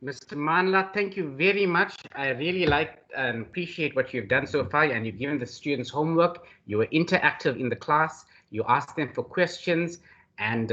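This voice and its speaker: A man's voice: medium pitch, a bit bright. A male lecturer hosting an online class, effusive and praising, who keeps addressing the other man by name. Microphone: video call. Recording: dull lo-fi video call audio.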